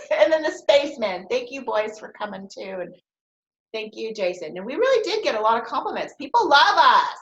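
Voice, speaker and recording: A woman hosting a podcast in casual chat, animated and laughing often. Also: on the high side, moderate pace, echoey room, highs cut off. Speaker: podcast host.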